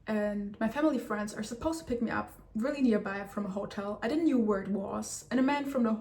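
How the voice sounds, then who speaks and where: A young woman from Germany, telling a travel story to her viewers in a lively, sassy way. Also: medium pitch, fairly quick. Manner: animated, sassy, acts out quotes. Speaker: travel vlogger. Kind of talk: casual storytelling to camera.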